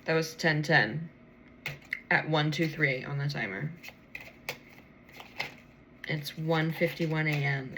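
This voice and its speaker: A woman's voice: low voice, fairly even intonation, slow, pauses often, fairly bright tone, slight background noise. A tired woman rambling to herself late at night as she pulls tarot cards, swearing freely and yawning. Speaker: tarot reader.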